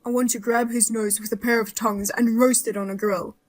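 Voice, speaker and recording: A woman voicing a sharp-tongued outraged mother-in-law. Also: a little high, fairly even intonation, brisk, lightly acted. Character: blunt furious mother-in-law, older woman. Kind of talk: dramatized story voice-over.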